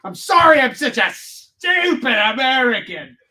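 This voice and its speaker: A man voicing a loud, self-mocking, dim-witted American man, drawn out and exaggerated. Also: extremely high pitch, sing-song, pitched above the performer's own voice, full character voice. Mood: mock-apologetic. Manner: drawn-out, exaggerated, bellowing delivery.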